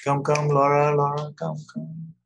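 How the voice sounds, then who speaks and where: Gentle, laughing spiritual teacher man. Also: a little high, monotone, vocal fry, low-quality recording. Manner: gentle, slow and playful, laughs often. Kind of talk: satsang talk. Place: online video call. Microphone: video call.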